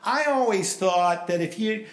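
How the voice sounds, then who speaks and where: An older man preaching a sermon, telling stories with sudden loud bursts of emphasis. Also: high voice, animated, measured pace, reverberant. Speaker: pastor.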